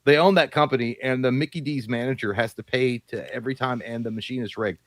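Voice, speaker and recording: A man's voice: mid-range voice, fast talker, dry recording. Laid-back, crude-joking male co-host. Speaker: co-host reading viewer messages. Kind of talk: casual live-stream chat.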